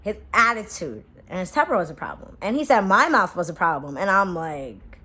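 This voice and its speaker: A woman's voice: mid-range voice, very animated, moderate pace, bright, forceful tone. A woman in her twenties telling a casual storytime to her viewers, blunt and profane, laughing often and acting out her own lines. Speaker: vlogger.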